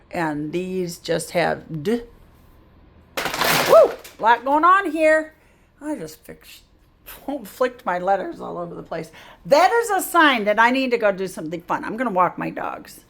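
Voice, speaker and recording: A middle-aged woman teaching a phonics lesson as a reading tutor, patiently sounding out each word aloud. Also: mid-range voice.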